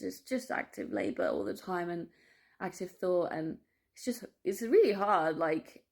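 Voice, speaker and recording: A woman vlogging a candid personal monologue, rambling, swearing freely and breaking off with laughs and quick apologies. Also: lowish voice, creaky, darkish tone. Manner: restless, self-interrupting, apologetic asides.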